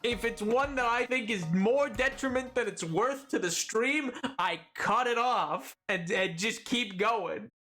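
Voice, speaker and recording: A man's voice: very high-pitched, unhurried, few pauses, pushed and bright. Man, streamer, casual gaming chat, playful banter, mock-indignant, faint background music.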